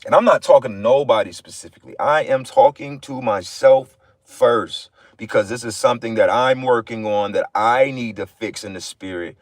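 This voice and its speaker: A man's voice: mid-range voice, normal speed, no echo. A man giving an informal livestream sermon, blunt and profane, repeating phrases for emphasis. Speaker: livestream preacher.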